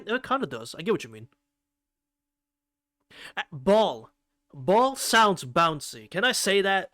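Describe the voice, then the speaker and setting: A man's voice: on the high side, pushed and bright, no echo, clean studio sound. A man streaming a game and chatting casually with viewers, playful and rambling, swearing now and then. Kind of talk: casual chat while playing a game.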